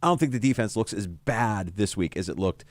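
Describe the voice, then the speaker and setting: Fast-talking, lower-voiced sports radio man. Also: lively intonation, no echo. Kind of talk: casual sports talk.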